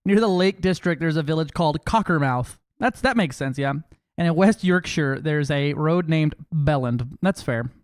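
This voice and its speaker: An American man chatting on a live game stream, joking with his viewers in loud, profane banter. His voice sits high for a man. The sound is dry and close to the mic. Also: normal speed, dry recording. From United States. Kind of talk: casual live-stream chat.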